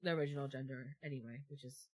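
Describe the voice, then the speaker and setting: A woman's voice: a bass voice, steady tone, fast, no room sound. A woman hosting a casual stream chat, rambling and repeating herself as she talks. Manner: rambling, repeats words, lots of fillers. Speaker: streamer and host.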